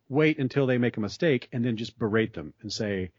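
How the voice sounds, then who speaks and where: A man's voice: medium pitch, lively intonation, brisk, few pauses, a little mellow, no echo. A man in a conversation, explaining ideas at length in a thoughtful way with frequent restarts. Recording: dry, slightly dull sound.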